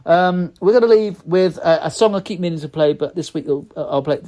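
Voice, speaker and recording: A man's voice: on the high side, brisk, warm tone. A man hosting a casual podcast, chatty and easygoing, who laughs along with his co-host. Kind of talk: casual chat.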